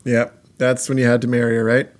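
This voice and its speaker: A man's voice: medium pitch, monotone. Teasing young man in banter. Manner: teasing, sarcastic, asks quick questions. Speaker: podcast co-host. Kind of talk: casual chat, teasing banter.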